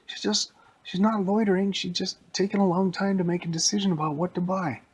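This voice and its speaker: A man's voice: sits high, steady tone, brisk, husky, pitched above the performer's own voice. A man voicing an earnest young male sidekick hero in a spoken made-up story, in a raised, pleading voice.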